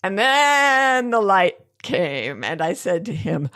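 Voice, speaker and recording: A woman's voice: mid-range voice, sing-song, slow, fairly bright tone. An older woman hosting a podcast, telling a story animatedly, laughing often and acting out other people's lines. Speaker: podcast host. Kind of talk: storytelling in casual chat.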